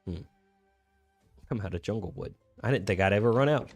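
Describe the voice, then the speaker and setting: A young man with a lowish voice chats loosely while he plays, rambling with lots of fillers and restarts. The sound is dry and close, with faint music underneath. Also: a little fast, no echo. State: hiccuping. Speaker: streamer. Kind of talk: casual gaming stream chat.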